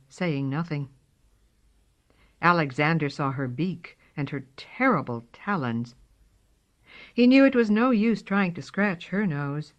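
A woman reading a storybook aloud in a slow, expressive way. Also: fairly low pitch. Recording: dull lo-fi recording.

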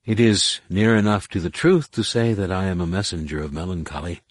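An enigmatic female alien speaks in a slow, measured, cryptic way, calm and faintly mocking, as a male audiobook reader puts her on. The voice sits low and husky. It sounds dry and close. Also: dry recording. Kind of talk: audiobook narration.

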